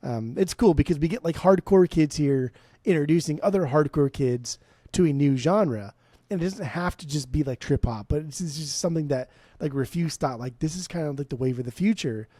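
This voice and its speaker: A man's voice: on the high side, a little fast, dark tone, slightly rough, no echo. An American man co-hosting a music podcast, talking casually in a rambling, profane, jokey way. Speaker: podcast co-host. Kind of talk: casual chat about music.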